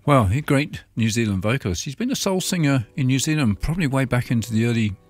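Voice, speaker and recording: An older man co-hosting a community radio show, croaky and losing his voice, chatting easily about music. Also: mid-range voice, lively intonation, quick pace. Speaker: radio co-host. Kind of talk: casual radio chat. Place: radio studio.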